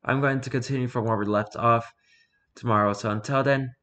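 A man's voice: mid-range voice, fairly even intonation, a little fast, fairly bright tone. Man wrapping up a gameplay video. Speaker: video game streamer. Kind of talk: casual let's-play commentary.

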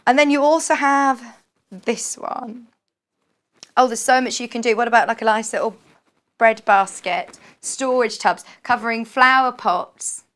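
A young woman with a British accent, chattering away in a bubbly live-TV selling style. Her voice sits a little high, and she keeps slipping in quick asides and self-corrections. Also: a bit bright. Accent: British English. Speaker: shopping channel presenter. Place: TV studio.

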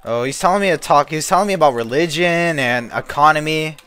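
A man live-streaming a game, chatting in a rambling, excitable way with a friend over voice chat. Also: a little high, clean tone. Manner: rambling and excitable, quick to shout. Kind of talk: casual gaming chat.

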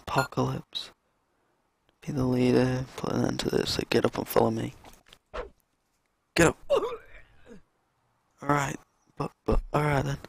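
A young man streaming a video game, reacting live with excitable exclamations and swearing at what happens on screen. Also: mid-range voice, normal speed, gravelly, pauses often, husky, rough recording. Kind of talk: live gameplay commentary.

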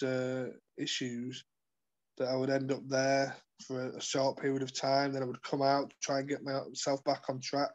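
A man telling his life story as an interview guest, earnest and halting, with many fillers and restarts. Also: medium pitch. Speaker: guest sharing his testimony. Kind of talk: personal testimony in conversation.

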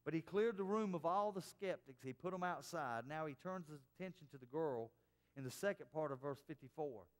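A man preaching a sermon as pastor, dropping to soft, hushed tones for quoted words. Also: on the high side, fairly quick, big-room sound. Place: church sanctuary.

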